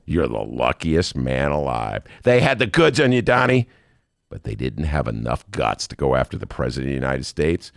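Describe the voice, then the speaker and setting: A man's voice: very deep voice, gravelly, dry recording, clean studio sound. A man hosting a talk show, riffing sarcastically on the news and reading quotes aloud. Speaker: host. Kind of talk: comedic political monologue.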